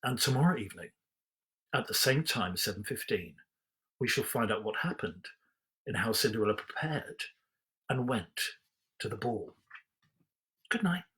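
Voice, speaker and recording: A man voicing a kindly fairy godmother in a storybook reading, soft and slow. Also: lowish voice, animated, slightly rough, exaggerated voice. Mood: gentle. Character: kindly old fairy godmother, gentle and warm.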